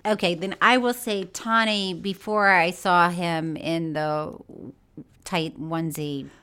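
A woman's voice: on the low side, fairly even intonation, takes it slowly, sharp tone, clear, resonant tone. A woman co-hosting a podcast in casual chat, giggly and gushing. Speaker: podcast co-host.

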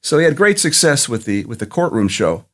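Producer guy telling a long story on a podcast, steady, plain mid voice. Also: mid-range voice, brisk. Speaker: guest, TV producer.

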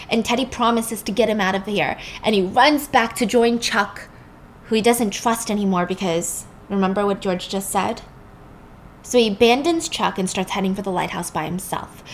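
A woman host casually retelling a film plot, animated and emphatic. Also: medium pitch, a little hiss or hum. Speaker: podcast host. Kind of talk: casual film recap storytelling.

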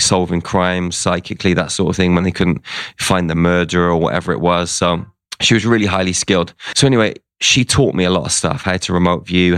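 A man's voice: deep voice, fairly bright tone, no echo. A man, a guest in an interview, telling a story in a casual way and quoting what people said. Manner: conversational, retells events with quoted dialogue.

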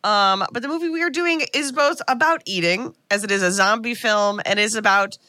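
A woman's voice: medium pitch, moderate pace, bright, forceful tone, no echo, studio quality. A woman co-hosting a casual podcast, chatty and full of fillers and restarts. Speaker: podcast co-host.

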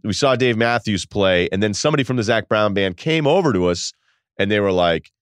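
A man's voice: sits low, fast talker, no room sound, studio quality. A man hosting a podcast, telling a story casually, laughing and quoting people as he goes. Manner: animated, laughing, quotes people in voices. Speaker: podcast host.

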